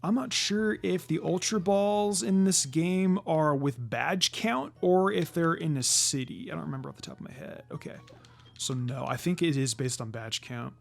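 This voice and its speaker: A man's voice: on the high side, moderate pace, gravelly. A man doing let's play commentary as a channel host, stammering and repeating words, and swearing when annoyed.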